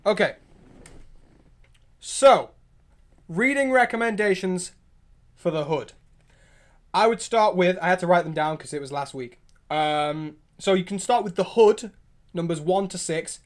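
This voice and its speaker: A man hosting a livestream, chatting casually and reacting to viewer comments in an excitable, rambling, opinionated way. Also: sits high. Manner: excitable, rambling, quick restarts and opinionated asides. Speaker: livestream host.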